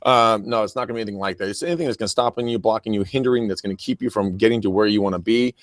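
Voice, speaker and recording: Brief: low-voiced man, podcast co-host, animated and swearing, close dry mic. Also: very fast, no echo. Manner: animated, profane, acts out scenes. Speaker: podcast co-host and real estate coach. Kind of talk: casual podcast chat.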